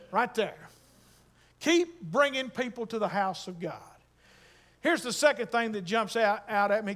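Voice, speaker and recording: A male pastor preaching a sermon in a church, building to fervent, drawn-out proclamations and calling out to the congregation. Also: high voice, fairly bright tone. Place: church sanctuary.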